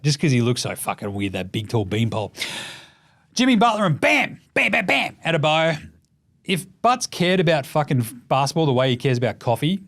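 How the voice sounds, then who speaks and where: An Australian man hosting a basketball show, talking in a casual, profane and mocking way, getting loud when he rants. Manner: gets loud and high when ranting. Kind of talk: casual sports commentary rant.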